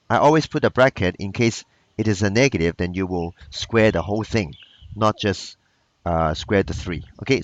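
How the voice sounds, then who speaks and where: This recorded math lesson comes from a man with a fairly low-pitched voice who explains things patiently. He goes over every key point more than once, keeping his wording plain and his grammar loose.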